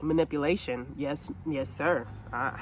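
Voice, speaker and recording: Low-voiced woman venting, cursing freely. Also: measured pace, slight background noise. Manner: profane, animated storytelling. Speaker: vlogger. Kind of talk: casual venting monologue.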